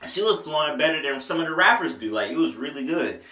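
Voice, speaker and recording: A man's voice: a little high, big pitch swings, fast talker, pushed and bright, echoey room. A young man reviewing an album in a loose, joking, slangy way, breaking into bits of song. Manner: loose, joking, slangy, sings snippets of songs. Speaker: music reviewer. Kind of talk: casual album review vlog.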